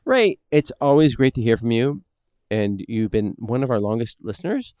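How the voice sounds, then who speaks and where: A man co-hosting a podcast in casual chat, his pitch swinging widely as he rambles and restarts his sentences. The sound is dry and close on a studio mic. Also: normal speed, clear, resonant tone, no room sound. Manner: animated, rambling with many restarts. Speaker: podcast co-host.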